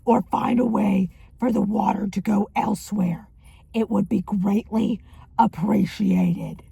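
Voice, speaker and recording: A woman voicing her neighbor as a creepy serial killer, reading a complaint note slowly in a sinister, raspy tone. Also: dark tone, exaggerated voice. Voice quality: gravelly, raspy and low.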